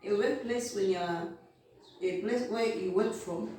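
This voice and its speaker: A woman's voice: medium pitch, a little slow, mellow. Woman, blunt casual vlog talk, eats while speaking, heavy room echo, distant mic. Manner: direct, blunt, talks while eating. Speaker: vlogger. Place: indoor room, sitting on the floor. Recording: very echoey room, distant mic, faint noise.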